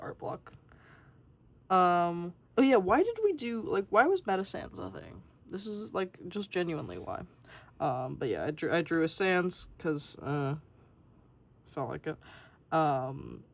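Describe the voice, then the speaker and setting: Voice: mid-range voice, vocal fry. A young adult artist giving a casual, rambling tour of a sketchbook and swearing freely along the way.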